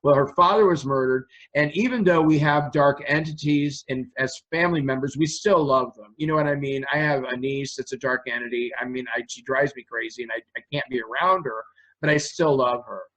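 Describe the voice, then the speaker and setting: A man's voice: mid-range voice, fairly quick, a bit bright, dull audio. A man as an interview guest, telling rambling stories in a chatty way with a runny nose. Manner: rambling, chatty, laughs mid-story. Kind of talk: casual storytelling interview.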